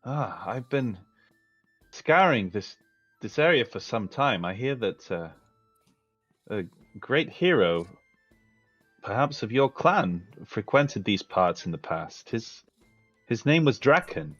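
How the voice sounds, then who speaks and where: Man doing a charming halfling bard, flowery and theatrical, raised pitch, dull lo-fi sound. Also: sing-song, takes it slowly, long pauses, fairly bright tone, soft background music, full character voice. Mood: courtly.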